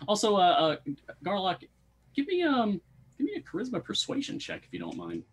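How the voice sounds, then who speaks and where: Husky-voiced man running a tabletop game. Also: sits high, huge pitch swings, fast talker. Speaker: game master.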